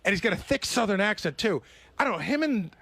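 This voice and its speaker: A man's voice: sits high, lively intonation, fast talker, gravelly, a bit bright, husky, dry recording. A man on a radio talk show rambling through an anecdote and acting out the quotes. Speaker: show regular. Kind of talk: casual radio talk storytelling.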